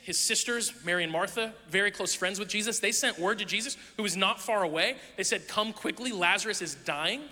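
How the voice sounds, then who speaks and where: High, bright-voiced pastor preaching in a hall. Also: male voice, a little fast, few pauses. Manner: conversational storytelling with playful asides. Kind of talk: sermon.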